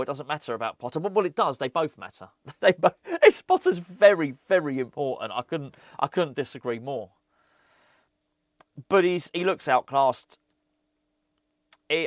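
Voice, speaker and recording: Animated football fan, dry sound. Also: male voice, medium pitch, no echo. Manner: animated, repeats words, rants. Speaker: fan channel host. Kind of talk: casual football chat.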